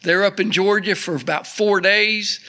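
Brief: pastor, man, folksy radio Bible study with asides, bright and high. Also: fairly even intonation, moderate pace. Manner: folksy, chatty asides and laughter.

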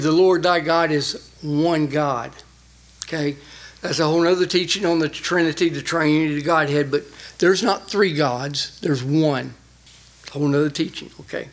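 A man preaching a sermon, reading scripture and explaining it with rising emphasis. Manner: animated, rising in pitch when emphasizing. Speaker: pastor.

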